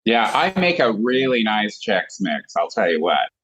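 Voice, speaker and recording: Husky, theatrical storytelling man. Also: lowish voice, very animated, normal speed, fairly bright tone, poor audio. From Colorado. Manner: theatrical storyteller with comic asides. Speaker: guest. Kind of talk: casual chat.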